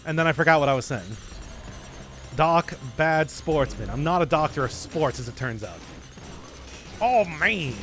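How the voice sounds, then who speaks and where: A man's voice: on the high side, fairly bright tone. A man giving casual, joking commentary while playing a video game, often teasing himself. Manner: playful, joking, self-deprecating. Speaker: gaming streamer.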